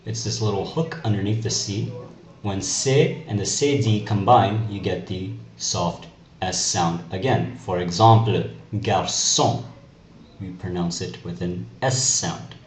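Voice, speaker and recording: A Canadian man teaches French through a video lesson, explaining carefully and spelling letters out one at a time. His voice is deep and unhurried, recorded in an echoey room with faint noise.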